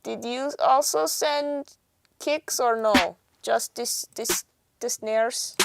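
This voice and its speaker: A woman's voice: on the high side, takes it slowly, creaky, a little hiss or hum. A woman producing music on a livestream, chatting casually and reacting with jokes. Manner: chatty, jokey, reacts loudly to sounds. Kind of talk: casual livestream chat, reading chat aloud.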